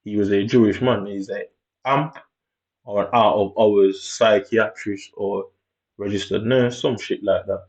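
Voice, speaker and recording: A man tells his own story in a low, dark-toned voice, blunt and full of swearing. He acts out other people's words with sudden leaps in pitch. The recording is muffled and lo-fi. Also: steady tone, unhurried. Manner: blunt and profane, acting out others' lines with sudden high jumps. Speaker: vlogger telling a personal story. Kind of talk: casual storytelling. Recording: dull lo-fi recording.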